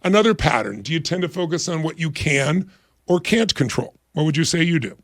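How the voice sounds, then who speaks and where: Energetic man in his 60s, kinda high voice, gravelly, acts out little quotes, dry close mic. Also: a little fast, no room sound. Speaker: guest. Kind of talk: motivational interview talk.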